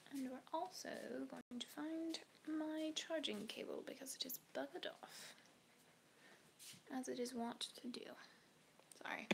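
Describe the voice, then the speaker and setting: A woman with a slightly high, gravelly voice talks slowly through her sewing on a home livestream. She keeps slipping into muttered whispers to herself. The audio carries clear background noise. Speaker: sewing vlogger. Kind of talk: casual livestream chat while sewing.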